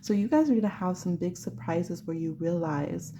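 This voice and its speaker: A woman's voice: on the low side, animated, normal speed, mellow, a little hiss or hum. A woman giving a chatty pick-a-card tarot reading who laughs often and acts out little voices. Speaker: tarot reader.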